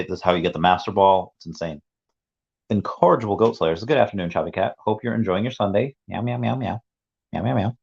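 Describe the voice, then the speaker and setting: A man on a casual livestream, rambling through a long story with many restarts and asides to chat. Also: sits low. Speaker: streamer. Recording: dull lo-fi sound.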